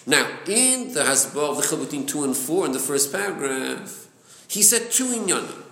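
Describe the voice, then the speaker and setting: A man's voice: on the high side, normal speed, creaky. A man teaching a Chassidic text class, explaining with many repeated words and Hebrew terms mixed in. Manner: lively, repeats words, mixes Hebrew and Yiddish terms into English. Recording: echoey room.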